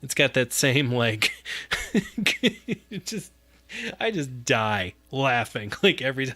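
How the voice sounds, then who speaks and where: Guy streaming pinball, bright voice, slow and easygoing, laughs a lot, music low behind him. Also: animated. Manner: chatty, laughs often, talks to chat while playing. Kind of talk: casual live-stream chat.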